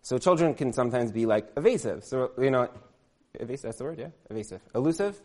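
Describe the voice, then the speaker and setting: A man's voice: medium pitch, animated, fast, warm tone. A man in his thirties telling a rambling comic story, full of fillers and laughing at himself.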